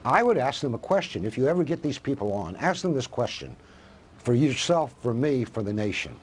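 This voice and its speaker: A man's voice: medium pitch, sing-song, fairly quick, husky. A man who is a professor, speaking as a guest in a live TV news interview, impassioned and full of rhetorical questions.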